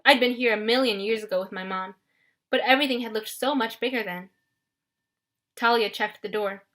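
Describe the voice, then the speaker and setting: Brief: expressive woman reading an audiobook, bright and crisp. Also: on the high side, a little fast. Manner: expressive first-person storytelling. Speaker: audiobook narrator. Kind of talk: scripted audiobook narration.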